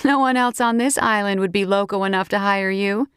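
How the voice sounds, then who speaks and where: A woman's voice: medium pitch, a little fast, fairly bright tone, clear, resonant tone, dry recording, clean studio sound, close to an everyday voice. A woman voicing a blunt, teasing female café boss in an audiobook.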